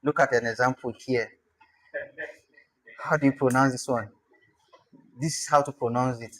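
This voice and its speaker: A man's voice: medium pitch, fairly even intonation, normal speed, fairly bright tone, low-quality recording. A man giving an online lesson on spelling, thinking aloud, sounding out words and chuckling as he goes. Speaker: instructor.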